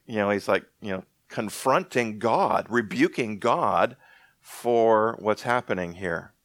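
A man preaching a sermon in a conversational way, slowing down to read scripture aloud. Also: mid-range voice, fairly bright tone, no room sound. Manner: conversational, restarts often, reads scripture slowly. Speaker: pastor.

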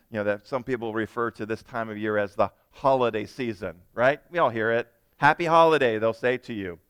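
Smooth-voiced male pastor preaching emphatically. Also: medium pitch, no echo. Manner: emphatic preaching, rising loud for stress and dropping soft for reflection; asks the congregation questions. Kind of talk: sermon.

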